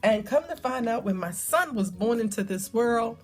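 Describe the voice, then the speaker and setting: A woman's voice: a little high, expressive, moderate pace, faint music behind. Chatty middle-aged woman vlogger. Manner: chatty, storytelling, emphatic repetition, frequent ums. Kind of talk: casual talk to camera.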